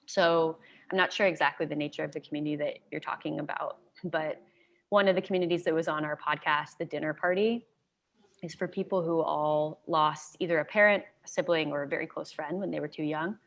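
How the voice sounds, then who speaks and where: A woman's voice: deep voice, fairly even intonation, fairly quick, creaky. A woman in her thirties, a guest speaker answering questions on a video call in a conversational, enthusiastic way, often saying "like".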